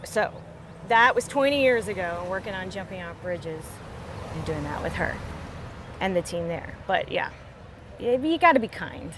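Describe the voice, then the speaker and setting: A woman's voice: lowish voice, lively intonation, normal speed, noisy background. A woman guest talking frankly and upbeat in an interview at a party, hesitating a little at first. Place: outdoor film party.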